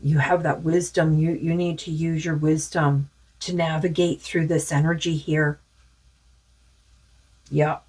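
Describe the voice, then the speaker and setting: A woman with a husky, somewhat low voice talks through a spiritual card reading. She muses and rambles with lots of fillers, and her voice is starting to go. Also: flat delivery, a little slow, long pauses, a little mellow. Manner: rambling, musing, many fillers. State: losing her voice. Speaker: tarot card reader.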